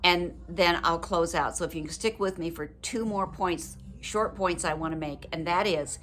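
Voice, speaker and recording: An older woman talking to her viewers in a personal, heartfelt vlog, reflective, gentle and earnest, with emotion close to the surface. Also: on the low side, normal speed. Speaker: widow sharing advice with her viewers.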